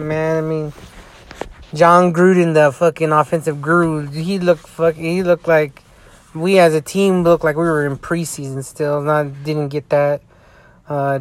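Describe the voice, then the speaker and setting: A man's voice: a little high, no room sound. A tired man in a casual vlog rant, rambling with heavy swearing and frequent restarts. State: tired, yawning. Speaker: sports fan vlogger.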